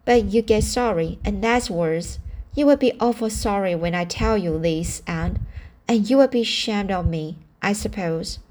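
A woman reading aloud and voicing a small, earnest, mischievous boy who pleads and confesses in a hurried way. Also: mid-range voice, a little mellow, a little hiss or hum, close to an everyday voice.

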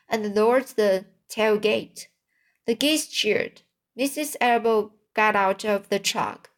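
Slow, careful woman reading a storybook. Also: medium pitch. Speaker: audiobook narrator.

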